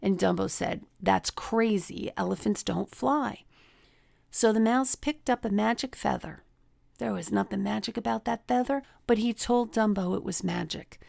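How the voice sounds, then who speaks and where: A woman's voice: mid-range voice, moderate pace, gravelly, darkish tone, dry recording, clean studio sound. A middle-aged woman, host of a relationship coaching talk, teaching through personal stories and acting out the people she quotes. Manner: storytelling, acts out quoted people in a raised voice.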